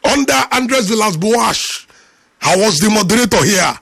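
A man hosting a call-in sports radio show, ranting at a caller in an animated, teasing way. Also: sits high, moderate pace, gravelly, husky, no room sound, studio quality. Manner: animated, teasing, preachy rant.

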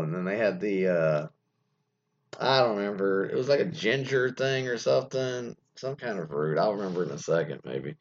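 Gravelly, rambling male radio host. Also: sits low, animated, brisk, darkish tone. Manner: rambling and offhand, sometimes swearing. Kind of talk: casual commentary on an article. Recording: dull lo-fi recording.

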